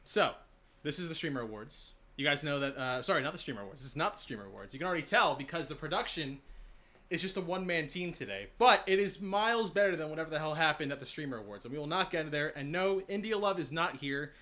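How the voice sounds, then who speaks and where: A man hosting his own stream's awards show, excitable and rambling, a bit out of breath. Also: fairly high pitch, fast. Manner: excitable, rambling, self-deprecating. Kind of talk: casual live-stream hosting.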